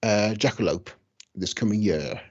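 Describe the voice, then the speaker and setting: A man from the United Kingdom hosting a podcast, chatting casually and asking lively questions. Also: lowish voice, moderate pace, dull audio. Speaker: podcast host.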